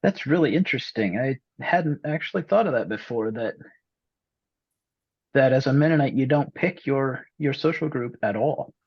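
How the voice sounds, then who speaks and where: Male host, husky, dry, lo-fi sound, thoughtful responses. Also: mid-range voice, animated, normal speed, dry recording. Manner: thoughtful, reflective interjections. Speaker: podcast host. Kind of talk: interview podcast conversation. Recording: dull lo-fi sound.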